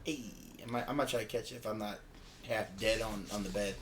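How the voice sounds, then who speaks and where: A man co-hosting a podcast in casual chat, an animated storyteller who laughs and swears. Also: on the low side, fast, a little hiss or hum. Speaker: podcast co-host.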